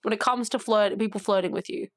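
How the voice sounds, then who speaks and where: A woman's voice: medium pitch, steady tone, fast. An Australian woman co-hosting a podcast, telling stories in casual chat with lots of laughter and blunt teasing. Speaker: podcast co-host.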